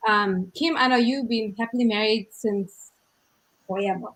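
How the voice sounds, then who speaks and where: A woman with a South African accent, hosting a podcast and telling stories in an animated, emphatic way. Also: mid-range voice, a little slow, rough recording. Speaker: podcast host. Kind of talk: casual chat.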